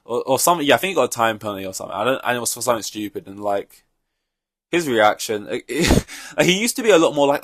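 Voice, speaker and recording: A man's voice: mid-range voice, sing-song, fast talker, fairly bright tone, dry recording, clean studio sound. A young man hosting a solo podcast, reacting to a race in an offhand, rambling way, swearing freely. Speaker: podcast host.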